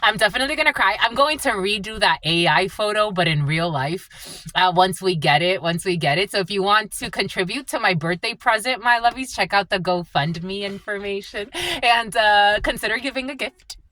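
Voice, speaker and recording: Bright-voiced woman channeling a live reading. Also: moderate pace, dry recording. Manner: animated, laughs often, shifts between gushing and low prayerful tones. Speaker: spiritual channeler.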